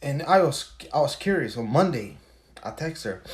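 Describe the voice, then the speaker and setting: A man's voice: mid-range voice, big pitch swings, normal speed. A man hosting a podcast, telling a story in a casual, profane, emphatic rant full of rhetorical questions. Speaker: podcast host. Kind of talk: casual ranting monologue.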